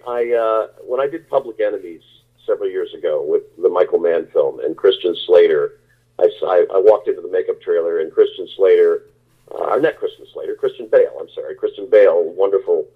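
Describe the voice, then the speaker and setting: Husky low-voiced man over a tinny line. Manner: rambling, many restarts and fillers. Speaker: actor guest. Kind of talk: casual interview answers.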